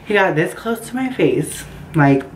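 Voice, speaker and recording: A young woman telling a story casually in her bedroom, animated and acting out the quotes. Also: lowish voice, unhurried, a little hiss or hum, poor audio. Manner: animated, acts out quotes with voices. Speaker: storytime vlogger. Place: bedroom by a window.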